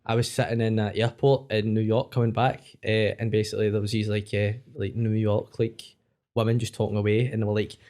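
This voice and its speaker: A young Glaswegian man, a comedian guest, telling lively anecdotes in casual chat. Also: fairly low pitch, a little fast. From Scotland. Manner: animated anecdotes, says aye a lot.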